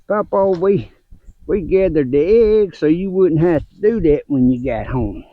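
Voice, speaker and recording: A man's voice: dry recording, lo-fi sound. An older man tells folksy stories about his grandkids on a casual gardening vlog, laughing between stories. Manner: folksy, laughs between stories, raises pitch when telling the story. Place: outdoors in a garden.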